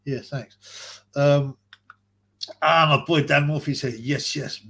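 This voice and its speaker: A man's voice: a little high, drawn-out words, creaky, long pauses, pushed and bright. A young man hosting a live stream, reading out chat messages in a rambling, chatty way and laughing often. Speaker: livestream host reading chat.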